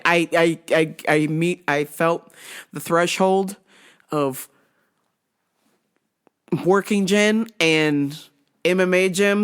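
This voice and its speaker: A woman's voice: lowish voice, smooth. Profane, laughing woman storyteller. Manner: profane, animated, often laughing. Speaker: podcast host. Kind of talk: casual comedic storytelling.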